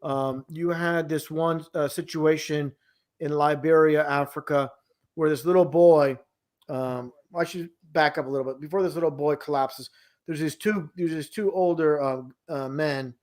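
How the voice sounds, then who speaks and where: A man's voice: fairly high pitch, fairly even intonation, moderate pace, a little mellow. A man talking casually and at length, rambling with many restarts and an incredulous tone. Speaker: guest. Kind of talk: casual conversation.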